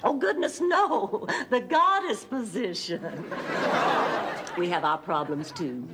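A woman's voice: medium pitch, lively intonation, slow pace. A sassy older sitcom woman. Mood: teasing. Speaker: sitcom character. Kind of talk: sitcom acting. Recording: TV clip with loud noise.

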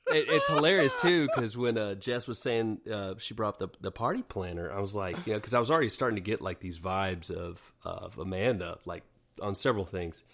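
Middle-aged male co-host, low-pitched, sleepy, jokey, laughs often. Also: fairly quick, fairly bright tone. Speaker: podcast co-host.

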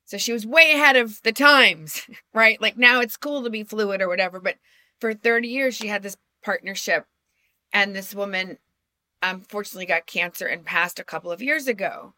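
A woman's voice: medium pitch, normal speed, pushed and bright, no room sound. A middle-aged woman co-hosting a podcast, telling personal stories in a chatty, self-deprecating way with frequent restarts. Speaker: podcast co-host. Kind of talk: casual storytelling chat.

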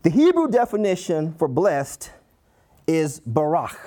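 A man's voice: on the high side, a little slow. A man preaches with a Detroit accent, his voice swinging widely up and down as he drives home each point. He repeats key lines for emphasis and slips into playful voices when quoting people. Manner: animated, repeats key phrases, acts out quoted voices. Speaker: pastor. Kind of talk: sermon.

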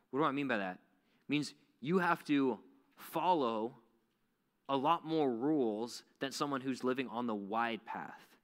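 Chatty youth preacher in an echoey hall. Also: male voice, mid-range voice, normal speed. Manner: conversational, animated, many "like" fillers. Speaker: youth pastor. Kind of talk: youth sermon.

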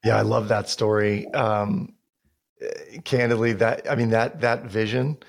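A man's voice: on the low side, steady tone, unhurried, creaky. A man talking as a podcast guest and financial expert, telling stories earnestly in casual conversation. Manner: storytelling with quoted dialogue, earnest.

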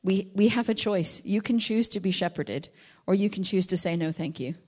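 A woman giving a teaching talk on a psalm, telling stories with acted-out voices and slowing down reflectively on key lines. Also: mid-range voice. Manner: animated storytelling, acts out quotes and sheep with sudden loud voices; reflective, slows and softens on key verses. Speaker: Bible teacher.

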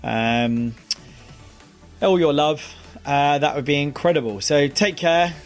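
A man hosting a podcast, telling a personal story in an earnest, halting way with many pauses and restarts. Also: on the high side, steady tone, faint music behind. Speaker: podcast host.

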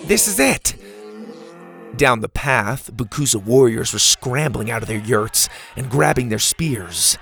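A man narrating a children's adventure story in an animated storytelling manner, with faint music behind him. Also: creaky, husky. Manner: animated storytelling, voicing characters in raised pitch.

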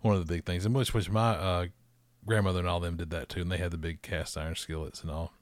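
A man's voice: sits low, level tone, fast talker, no room sound. A man, hosting a casual chat and telling stories with laughs and restarts. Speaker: podcast host.

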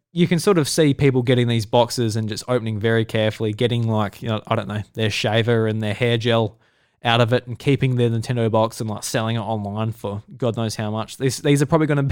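An Australian man talks through news on his solo podcast. He rambles casually, stops to restart his sentences and fills gaps with "uh" and "um". His voice sits at a middling pitch and sounds dry and close to the mic. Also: fairly even intonation, brisk, smooth, no echo. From South Australia. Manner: rambling, many fillers and restarts. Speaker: podcast host.

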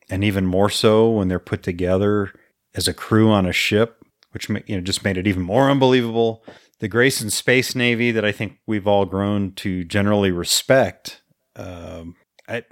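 A man's voice: lowish voice, dry recording, clean studio sound. A man co-hosting a casual book podcast, giving frank opinions with frequent hesitations. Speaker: podcast co-host.

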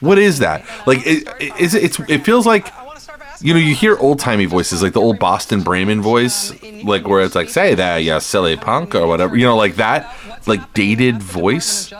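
A male podcast host chatting casually with a slightly low voice. He rambles in a sardonic tone, swears freely and restarts his sentences often. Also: animated, normal speed. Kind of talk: casual chat.

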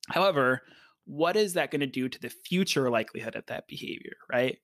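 A man's voice: medium pitch, animated, fairly quick, a bit bright, no room sound. A man co-hosting a podcast, explaining in a casual, conversational way and often checking in with "right?". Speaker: podcast co-host, behavior analyst.

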